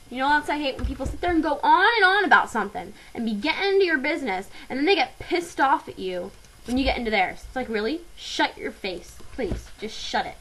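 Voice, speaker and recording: A woman's voice: sits high, big pitch swings, quick pace, fairly bright tone, a little hiss or hum, poor audio. A teenage girl ranting into her webcam in a fired-up vlog, with lots of fillers and hesitations. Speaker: vlogger.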